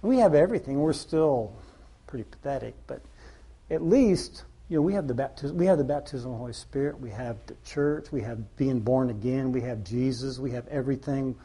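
Middle-aged male preacher, low-key and rambling, mellow husky tone. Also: brisk. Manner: rambling, conversational, self-deprecating. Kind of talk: informal sermon.

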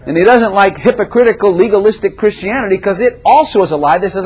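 An older man preaching a sermon as a pastor, emphatic and repetitive, swinging between loud declarations and softer asides. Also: sits high, expressive, quick pace, husky.

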